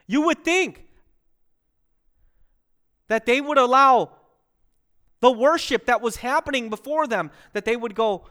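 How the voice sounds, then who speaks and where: A man delivers a sermon as a pastor, with a notably high voice. He talks with lively energy, slipping between English and another language and acting out the people he quotes. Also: a little slow, long pauses.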